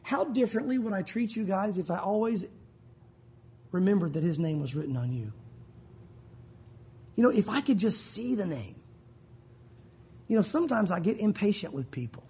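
A man's voice: sits high, animated, moderate pace, long pauses, mellow, slightly rough. A man preaching a sermon as pastor, earnest and direct, often calling his listeners "guys".

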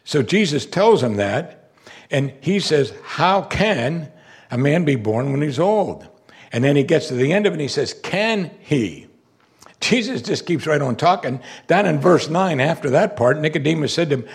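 A man preaching a sermon, animated and rhetorical, repeating lines and exclaiming for emphasis. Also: on the high side, moderate pace, slightly rough.

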